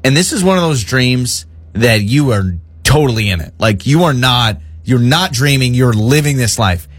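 A man co-hosting a radio show, telling a story in casual banter with an animated, exaggerated delivery. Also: mid-range voice, moderate pace, slightly rough, dry recording.

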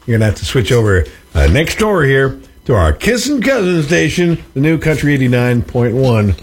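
A man's voice: mid-range voice, normal speed, husky. A man hosting a classic rock radio show, joking casually with many fillers. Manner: jokey, lots of uh fillers, animated. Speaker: radio host. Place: radio studio.

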